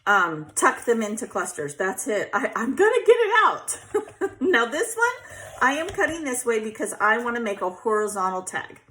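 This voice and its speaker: A woman's voice: on the high side, big pitch swings, moderate pace, a bit bright. A chatty woman, hosting a casual crafting tutorial and often checking in with "okay?".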